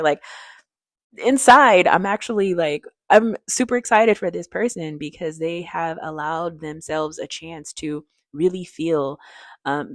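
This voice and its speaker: A woman's voice: low voice, no room sound, clean studio sound. A woman therapist giving direct, emphatic advice to camera, often checking in with "okay?". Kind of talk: casual advice talk to camera.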